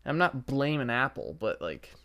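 A young man hosts a casual solo podcast from his home basement, rambling and swearing in exasperation into his podcast microphone. His medium-pitched voice is very animated, sharp and clean, at a normal speed.

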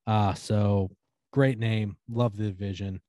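Low-voiced laid-back podcast host. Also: male voice, fairly even intonation, takes it slowly, warm tone, no room sound. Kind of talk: casual sports podcast chat, reading lists.

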